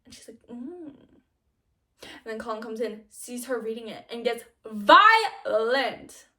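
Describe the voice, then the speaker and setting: A young woman vlogger chatting casually and gushing about a show, with lots of fillers and quick laughs. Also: fairly high pitch, animated, bright, forceful tone, distant mic. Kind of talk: casual chat.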